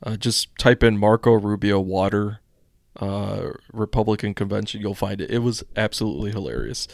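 A man's voice: lowish voice, moderate pace, vocal fry, no echo. A young man from the United States hosting a casual political live stream, reading news aloud with rambling chatty asides.

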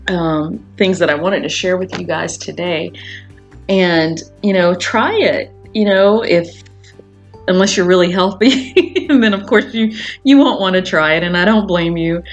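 Woman, podcast host, casual rambling chat, fillers, lowish voice, faint background music. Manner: chatty and rambling, with frequent laughs and fillers.

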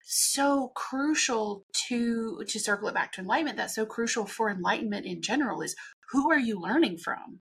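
A woman with a higher, breathy voice talking earnestly in casual chat. She reflects thoughtfully on learning from others. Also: animated, normal speed, fairly bright tone.

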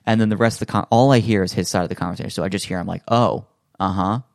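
Gravelly low-voiced man telling a rambling story. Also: fairly even intonation, very fast, a little mellow, no echo, clean studio sound. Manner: rambling storyteller, many fillers, acts out other people's lines. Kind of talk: casual chat.

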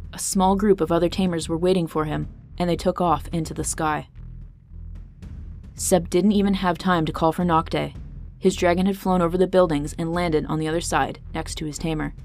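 A woman narrates a fantasy story with dramatic, tense pacing. Her voice sits on the low side. A faint guitar plays behind her. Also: darkish tone. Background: faint guitar music.

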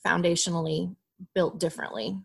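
A woman therapist explaining parenting strategies in a podcast interview, often acting out gentle lines a parent might say to a child. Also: fairly low pitch, a little fast, creaky, husky. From Alabama, USA. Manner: expressive, acts out parent dialogue in a soft voice. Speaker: guest therapist.

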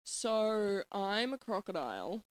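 A woman's voice: medium pitch, sing-song, slow, smooth. A woman co-hosting a comedy podcast, riffing through playful improvised scenes and character voices. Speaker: podcast co-host.

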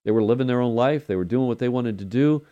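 An older man hosting a daily devotional, talking through scripture in an unhurried, conversational way with frequent fillers. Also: medium pitch, dark tone, highs cut off. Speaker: devotional podcast host.

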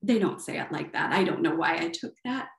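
A middle-aged woman with a Southern US accent and a high-pitched voice, giving an earnest motivational talk as a life coach. She asks rhetorical questions and often tags on "right?". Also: expressive, fairly quick. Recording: echoey room.

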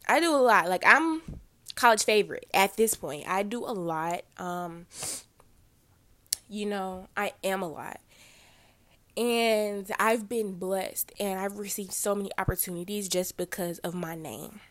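A woman's voice: medium pitch, measured pace, a bit bright. A teenage girl hosting her own podcast, a little congested, talking casually with many fillers and self-corrections. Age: teens. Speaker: podcast host.

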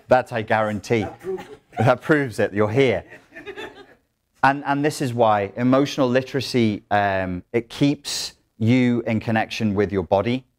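A man giving a live workshop talk to an audience in a blunt, profane, joking way, with restarts. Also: on the low side. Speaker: workshop speaker.

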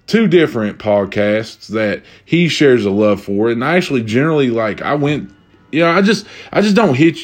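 A young man hosting a casual solo podcast, rambling in loose slang with a drink at hand. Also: mid-range voice. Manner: drinking while talking. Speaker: podcast host.

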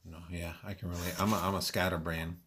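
A man co-hosting a casual podcast chat, cracking jokes in quick banter. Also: sits low, level tone, fairly bright tone. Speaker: podcast co-host. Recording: noisy background hiss.

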